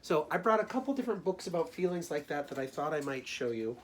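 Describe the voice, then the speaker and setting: A man, a teacher, gently talking young children through his own feelings during a storytime lesson. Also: on the high side, sing-song, fast talker, slight background noise.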